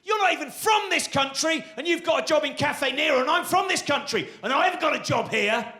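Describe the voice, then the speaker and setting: Man putting on an enraged shouting bloke. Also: expressive, fairly quick, roomy sound, exaggerated voice. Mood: furious. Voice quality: shouting, high-strained. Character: angry shouting man abusing a cafe worker.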